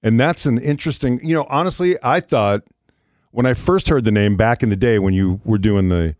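A man's voice: mid-range voice, brisk, darkish tone, no room sound, studio quality. A man hosting a radio interview, asking questions in an easygoing, chatty way. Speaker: radio host.

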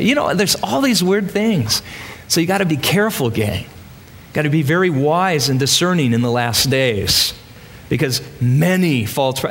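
A pastor with a high, slightly bright voice preaches in a church, emphatic and firing rhetorical questions at his congregation. The recording carries the long reverb of a large hall.

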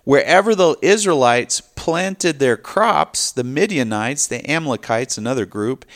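A male pastor preaching a sermon. He talks to the congregation directly and stresses his points with sudden rises in pitch and volume.

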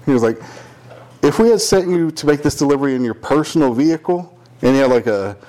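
A man's voice: on the high side, quick pace. A man telling a work story in casual chat, swearing often and acting out the quotes in raised voices. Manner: profane, animated, acts out quotes in raised voices.

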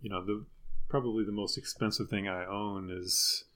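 A man's voice: on the low side, steady tone, moderate pace, sharp tone. A man co-hosting a podcast over a video call, chatting in a wry, self-deprecating way. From Deep South of the US. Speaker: podcast co-host. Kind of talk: casual chat.

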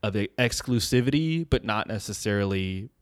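A man's voice: lowish voice, expressive, normal speed, clean tone, dry recording. Rambling casual young man, dry sound. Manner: rambling, loose and profane, searches for words. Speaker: podcast co-host. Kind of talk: casual chat.

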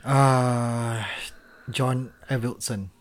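A man co-hosting a casual podcast, teasing his partner with quick banter during a quiz. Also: medium pitch, fairly even intonation. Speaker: podcast co-host. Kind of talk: casual chat.

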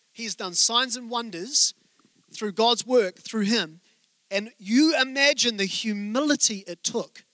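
A man's voice: very high voice, sharp tone, dry recording. A middle-aged man preaching a sermon to a congregation, telling a story with humor and asides to the listeners. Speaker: pastor. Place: church hall with congregation.

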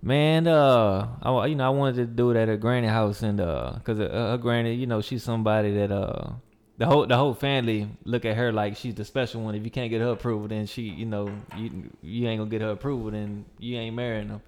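A man's voice: on the low side, a little fast, darkish tone. A young man telling a long story in a laid-back, slangy way, full of fillers and restarts. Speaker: podcast guest. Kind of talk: casual storytelling.

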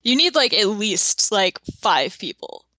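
A woman co-hosting a podcast, chatting about films with short reactions and quick laughs. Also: mid-range voice, big pitch swings, pushed and bright, no echo. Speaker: podcast co-host. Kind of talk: casual film review chat.

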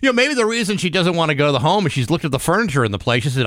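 Male radio co-host, high voice, very lively pitch, joking banter. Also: rapid-fire, no echo, clean studio sound. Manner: joking, playful.

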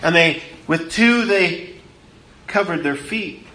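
A man preaching a sermon, emphatic, repeating words for stress and rising, then dropping to hushed tones. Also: sits high, expressive, takes it slowly, echoey room.

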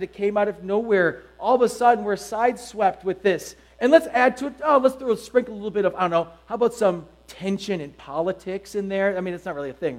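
A middle-aged man preaching a sermon to his congregation, emphatic and animated, full of rhetorical questions. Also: sits high, low-quality recording. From United States. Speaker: pastor.

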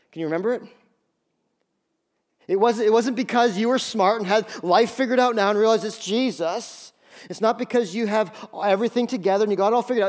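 High-voiced man preaching a sermon. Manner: emphatic preaching with repeated phrases; acts out dialogue in quotes. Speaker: pastor.

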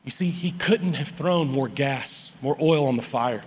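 A man preaching a sermon as pastor, emphatic and animated, often laughing and restarting his sentences. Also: mid-range voice, unhurried, breathy edge, long reverb tail.

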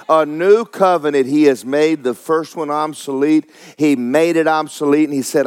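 A middle-aged man preaching a sermon, swinging between loud fervent exhortation and soft asides. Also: a little high, normal speed, hardly any pauses, clean tone. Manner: animated preaching, rising to near-shouts, then dropping soft. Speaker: pastor.

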